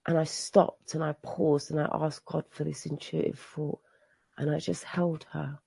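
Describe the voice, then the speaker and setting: A mother from England tells her own recovery story at a meeting, emotional and often restarting or repeating herself. She's an adult woman with a low, creaky, dark voice with a breathy edge, little pitch movement and an unhurried pace. There's no room sound, though she's in a meeting room.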